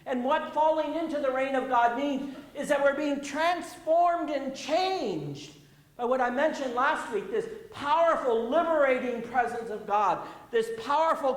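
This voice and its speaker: A man's voice: very high-pitched, expressive, a little slow. A man preaching a sermon as pastor, telling folksy stories with chuckles and repetition, a little out of breath. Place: church sanctuary. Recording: roomy church echo.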